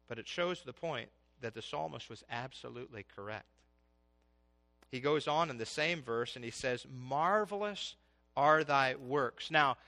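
A middle-aged male preacher with a high voice and a bright, gravelly edge delivers an animated sermon. He talks conversationally and keeps asking his listeners questions.

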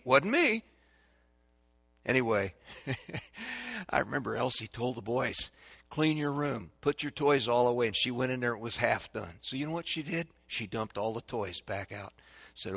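An older man giving a folksy, sermon-style talk on raising children, animated, acting out stories and drills. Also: mid-range voice, gravelly, slightly rough, dry recording. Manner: animated storyteller, shouting drills to kids. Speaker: speaker on parenting.

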